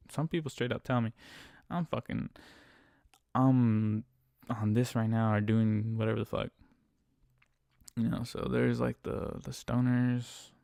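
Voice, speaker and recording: A young man with a gravelly, dark voice rants bluntly about his rideshare passengers, full of swearing. The sound is close and dry, with no room around it. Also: mid-range voice, no room sound. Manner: profane, blunt, ranting. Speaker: rideshare driver. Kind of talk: casual podcast monologue.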